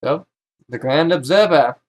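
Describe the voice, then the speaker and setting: A man's voice: on the high side, a little slow. A man and YouTuber talking straight to camera in a casual vlog monologue. He rambles, interrupts himself often and states blunt opinions.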